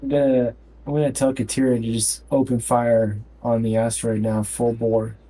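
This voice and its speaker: Brief: man, mellow tone, matter-of-fact tabletop player. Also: mid-range voice, little pitch movement, normal speed. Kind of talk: casual tabletop chat.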